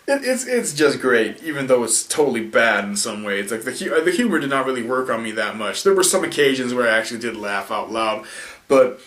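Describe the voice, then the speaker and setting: A man's voice: mid-range voice, big pitch swings, normal speed, a bit bright. Tired man rambling through a film review. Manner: rambling, self-correcting, frequent restarts and fillers. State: tired late at night. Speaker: video reviewer. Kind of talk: casual spoken film review. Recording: roomy echo, mic at a distance.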